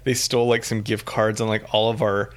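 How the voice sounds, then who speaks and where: Young married guy telling a road trip story, easygoing, relaxed. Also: on the low side, fairly quick. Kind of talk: casual chat.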